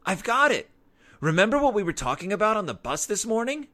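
A man's voice: high voice, a little fast, pitched above the performer's own voice, full character voice. A man voicing an eager boy bear cub. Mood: excited. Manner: lively, excited. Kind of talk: storybook read-aloud.

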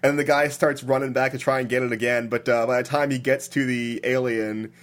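A man's voice: medium pitch, fairly quick. A man casually recapping a film plot for his co-hosts, laughing at how absurd it is and filling his talk with "like". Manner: animated storyteller, many "like"s, laughing at absurdity. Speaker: podcast co-host recapping a film. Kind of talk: casual chat.

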